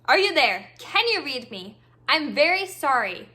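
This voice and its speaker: Woman doing a pushy lady buyer pretending to be a feeble old senior, begging over and over, high bright voice. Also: sing-song, measured pace, exaggerated voice. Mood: pleading. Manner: pleading, insistent.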